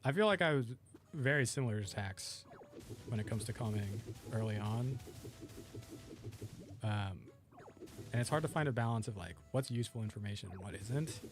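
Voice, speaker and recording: A man's voice: fairly low pitch, animated, normal speed, long pauses, over music. A young man streaming a game, rambling casually and chatting with his viewers as he plays. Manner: rambling, chats with viewers while playing.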